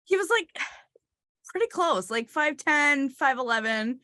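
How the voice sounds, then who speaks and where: A woman client in a reading, talking softly and emotionally and laughing often. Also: high voice, lively intonation, measured pace, no room sound, studio quality.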